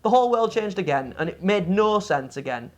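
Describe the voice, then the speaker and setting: A woman's voice: mid-range voice, a little fast. Woman ranting, swearing, exasperated. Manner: exasperated ranting, profane, animated. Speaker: game reviewer co-host. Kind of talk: casual review chat.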